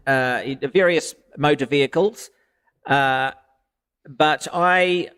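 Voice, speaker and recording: A man chatting as a podcast guest in a deadpan, rambling way, trailing off into fillers. His pitch sits right in the middle for a man. He keeps the jokes bone-dry. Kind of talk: comedic podcast chat.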